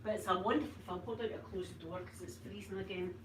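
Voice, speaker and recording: A woman's voice: on the low side, fairly even intonation, quick pace, noisy background. A Scottish woman chatting casually to live viewers at home, telling funny stories and laughing often. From Scotland. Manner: chatty storyteller, laughs often, mimics voices. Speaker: ASMR livestream host. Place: home room.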